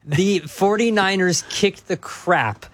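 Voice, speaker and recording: A man's voice: sits high, slow, a bit bright, no room sound. A man co-hosting sports talk radio, arguing his points emphatically with jokey asides.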